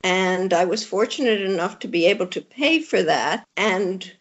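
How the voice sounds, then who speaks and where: A woman's voice: medium pitch, expressive, normal speed. An older widowed woman talking candidly with wry humor as an interview guest. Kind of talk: conversational interview. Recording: dull lo-fi audio.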